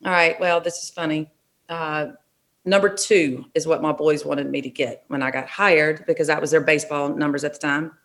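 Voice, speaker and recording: A middle-aged woman, a football official, telling stories in a relaxed, frank way in an interview. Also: deep voice, moderate pace. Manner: relaxed, frank anecdotal telling with short restarts. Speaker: NFL official, interview guest. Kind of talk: conversational interview storytelling.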